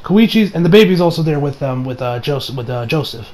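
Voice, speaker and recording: A man's voice: fairly high pitch, expressive, a little fast, darkish tone. A man casually recapping an anime episode, rambling with laughs and joking asides. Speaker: anime reviewer.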